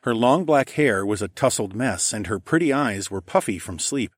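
A man narrating an audiobook in the first person, in a calm, even, low-key way. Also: normal speed, no room sound, clean studio sound.

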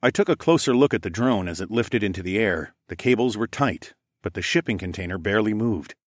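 A man narrates a first-person adventure story in a low, steady voice. He keeps an even storytelling pace, recorded close and dry. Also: brisk, dry recording. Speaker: audiobook narrator.

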